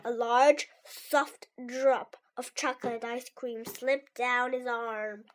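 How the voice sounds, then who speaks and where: A woman's voice: on the high side, fairly even intonation, slow, slight background noise. A woman whose first language is Mandarin Chinese, hosting a children's story show and reading a story aloud in a sweet, upbeat, teacherly tone. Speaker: children's story podcast host.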